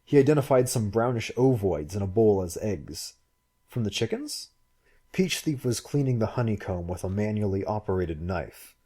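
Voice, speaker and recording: A low-voiced man narrates a story at a measured, even pace. His tone is dark and mellow with a husky edge. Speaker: audiobook reader. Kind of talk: scripted narration.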